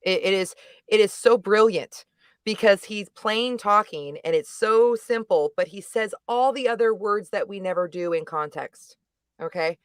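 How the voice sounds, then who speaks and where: A middle-aged woman giving a casual, animated review on a livestream, emphatic and rambling, correcting herself as she goes. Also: mid-range voice, unhurried, clear, resonant tone, no echo, clean studio sound. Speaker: guest reviewer.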